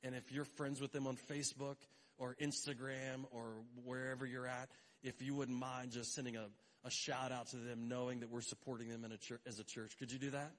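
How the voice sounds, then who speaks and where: A man's voice: mid-range voice, little pitch movement, fairly quick, fairly bright tone. A middle-aged man preaching a sermon as pastor in a casual, conversational way, with joking asides and brief acted-out quotes.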